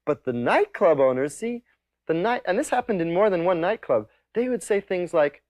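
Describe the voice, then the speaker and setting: A man comedian reminiscing about his career in a casual, halting way, often restarting his sentences. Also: fairly high pitch, very animated, dry recording. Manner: halting, with frequent restarts and soft fillers.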